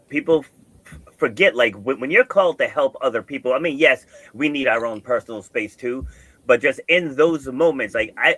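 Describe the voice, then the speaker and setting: A man's voice: mid-range voice, a bit bright, no room sound. A middle-aged man hosting a casual podcast conversation, telling a story earnestly and acting out the quoted dialogue. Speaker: host.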